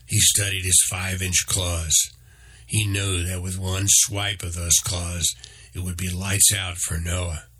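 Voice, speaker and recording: A man with a husky voice reading a children's storybook aloud in a slow, even way. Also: sits low. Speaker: narrator. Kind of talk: storybook narration.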